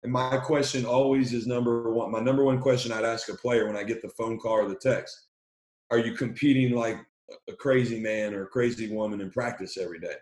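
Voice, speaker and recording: A man who coaches basketball talks with lots of drive, tumbling over his words and restarting sentences as his energy runs ahead of him. His voice sits in a middle range and carries a noticeable echo from the room around him. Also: mid-range voice. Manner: energetic, talks fast and excitedly, repeats words. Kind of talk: podcast conversation.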